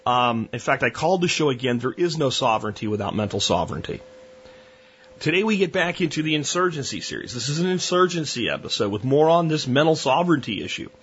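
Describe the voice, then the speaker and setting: A man's voice: on the high side, lively intonation, quick pace, few pauses, a bit bright, lo-fi sound, slight background noise. A man hosting a solo podcast, talking bluntly and at length through long, rambling analogies. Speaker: podcast host.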